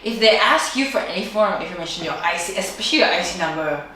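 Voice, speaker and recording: A woman's voice: fairly low pitch, animated, quick pace, fairly bright tone, a little hiss or hum. A woman, giving earnest advice in a casual podcast chat. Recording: echoey room, mic far off.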